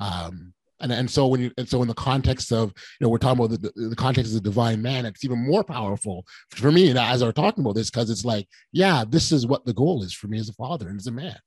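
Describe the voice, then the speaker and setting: A man's voice: mid-range voice, fast talker, few pauses, breathy edge, no echo. A man in his forties hosting a podcast, telling a personal story with animation and lots of restarts. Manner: animated, emotional, frequent restarts and repeated words. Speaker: podcast host. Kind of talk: casual conversational storytelling.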